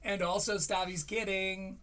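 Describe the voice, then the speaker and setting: High-voiced man ranting sarcastically. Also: level tone, a little slow, bright, forceful tone. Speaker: streamer reviewing a podcast. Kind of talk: live stream rant.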